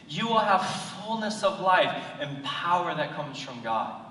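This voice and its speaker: Pastor preaching in an echoey hall. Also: male voice, on the high side, sing-song, a little slow, a little hiss or hum. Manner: emphatic, swings from loud declaring to quiet, intimate storytelling. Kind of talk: sermon. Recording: echoey hall, mic at a distance.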